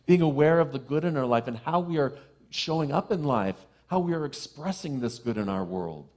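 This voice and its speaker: A middle-aged man, a minister, giving a sermon to a live congregation, with playful self-deprecating asides and a soft hush on key phrases. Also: medium pitch, expressive, normal speed. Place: church sanctuary with live congregation.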